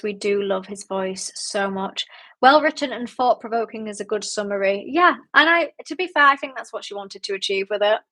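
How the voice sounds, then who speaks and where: A woman's voice: a little high, a bit bright. A woman hosting a book club livestream, chatting casually and reading viewer comments, rambling and giggling with lots of fillers.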